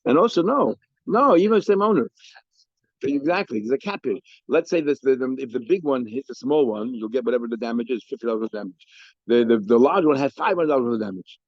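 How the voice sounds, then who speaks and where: A man's voice: mid-range voice, animated, fast, no echo, lo-fi sound. A man teaching a Talmud lesson, explaining cases with frequent restarts and Hebrew and Aramaic terms.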